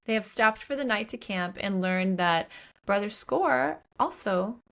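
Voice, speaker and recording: A woman's voice: medium pitch, unhurried, vocal fry. A woman co-hosting a podcast, casually recapping a book and acting out the characters' lines with swearing and exclamations. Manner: animated retelling with voiced quotes and swearing. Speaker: podcast co-host.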